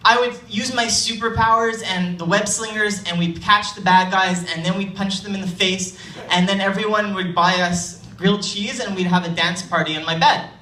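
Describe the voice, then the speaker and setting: A man putting on an eager little boy's high voice. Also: animated, moderate pace, few pauses, pushed and bright, a little hiss or hum. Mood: excited. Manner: high eager rambling childlike voice. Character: excited chatty five-year-old boy. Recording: roomy live hall, distant mic, faint ambience.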